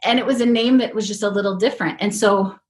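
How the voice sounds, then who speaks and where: A middle-aged woman hosting a podcast, telling a casual story in a lively way and acting out the voices of the people she quotes. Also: mid-range voice, fast talker. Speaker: podcast host.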